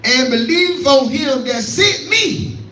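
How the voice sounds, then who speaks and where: High-pitched preacher in an echoey room. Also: male voice, lively intonation, slow, pushed and bright, recorded from a distance, faint music behind. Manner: call-and-response preaching, repeats lines, quotes scripture. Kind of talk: scripture teaching sermon.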